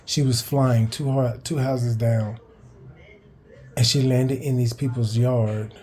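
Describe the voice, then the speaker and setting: This casual storytelling clip has a vlogger slowly recalling his childhood with fairly even intonation. His middling-pitched voice sounds dark and deeply mellow. He wanders, restarts, swears, trips over words, and pitches up to act out other people's lines.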